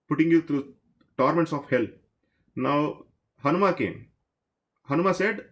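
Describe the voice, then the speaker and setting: A man's voice: on the high side, a little fast. A man who teaches a devotional story class and speaks conversationally, addressing his listeners directly.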